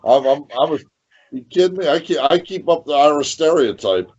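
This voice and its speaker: A man, a professional wrestler, telling a lively story in a podcast interview and repeating phrases as he goes. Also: on the high side, brisk, husky, dull audio.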